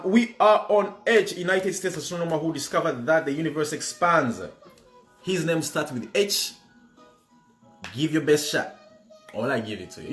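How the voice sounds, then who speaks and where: A man hosting a livestream trivia game, playful and switching languages while greeting viewers by name. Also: a little high. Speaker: quiz host. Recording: roomy with music behind.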